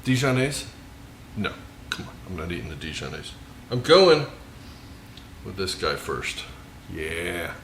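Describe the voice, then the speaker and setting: Man, home cooking host, mid pitch, jokey and eager, roomy kitchen sound with a faint hiss. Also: big pitch swings, measured pace, pauses often, a bit bright. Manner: jokey, enthusiastic, savoring food with murmured mms. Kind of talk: casual cooking vlog with tasting.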